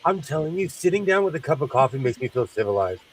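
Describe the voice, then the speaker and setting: A man's voice: a little high, very animated, fast talker, distant mic, a little hiss or hum, low-quality recording. Chatty congested man hosting a sewing stream. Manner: rambling, chatty, laughs often. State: congested, sinus trouble. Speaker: host of a sewing livestream. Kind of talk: casual chat while sewing.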